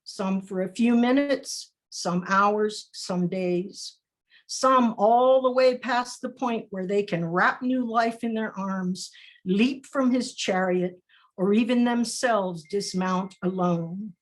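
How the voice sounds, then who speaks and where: A woman reciting her own poetry at an unhurried pace, leaning on measured pauses between phrases. Her voice sits at a middle pitch and comes through a video call. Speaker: featured poet. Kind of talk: poetry reading.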